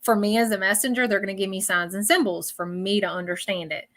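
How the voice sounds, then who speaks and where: A woman gives a psychic reading on a livestream. Her voice is bright and clear. She is emotional and apologetic, often saying sorry, and turns animated when she acts things out. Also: medium pitch, fast talker. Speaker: psychic medium. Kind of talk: live-streamed reading.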